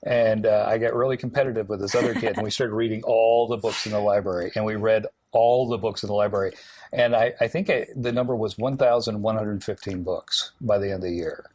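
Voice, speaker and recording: Man from Alabama, interview guest, husky voice with a dry sound, easygoing storyteller with lots of fillers. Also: fairly low pitch, steady tone, a little fast, darkish tone, dry recording. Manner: rambling anecdotal storyteller, many fillers. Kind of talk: casual interview chat.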